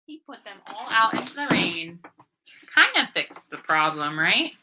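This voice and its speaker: A woman's voice: medium pitch, sing-song, measured pace, pushed and bright, a little hiss or hum, poor audio. A woman teacher reading a picture book aloud to her class, explaining words and asking questions.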